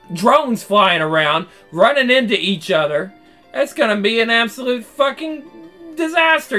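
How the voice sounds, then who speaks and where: A man ranting in a profane comedic commentary, mocking and shouting as he goes. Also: extremely high pitch. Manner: loud, mocking, swearing constantly; shouts in bursts. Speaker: commentator reacting to a narrated clip.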